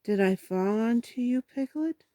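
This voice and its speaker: A woman voicing a gentle, simple-minded bear in a storybook reading, slow and earnest as he thinks things out. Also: a little high, animated, dry recording, clean studio sound, voice pushed up. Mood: thoughtful. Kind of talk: storybook read-aloud.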